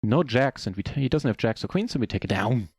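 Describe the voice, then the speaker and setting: A German man whose first language is German, chatting casually in a relaxed, self-deprecating way while commentating his own poker game on a live stream. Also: mid-range voice, fast talker, husky, no room sound.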